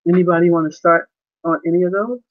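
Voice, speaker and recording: A woman's voice: on the low side, fairly even intonation, fast, narrow, tinny audio. A woman in a casual discussion over a video call, reflective and given to laughing stories.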